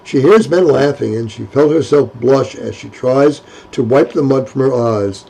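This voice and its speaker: A man narrates a period romance at a steady, unhurried pace. His voice is mellow and dark, with a gravelly fry and a husky, breathy grain. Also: mid-range voice, low-quality recording. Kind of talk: audiobook narration of a historical romance.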